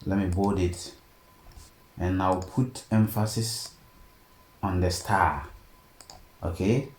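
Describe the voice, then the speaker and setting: A man teaching a design software tutorial step by step and often checking in with "okay?". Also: low-pitched, slow. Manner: steady step-by-step explaining, frequent "okay?" check-ins. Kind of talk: screen-recorded tutorial narration. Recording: echoey room, faint background noise.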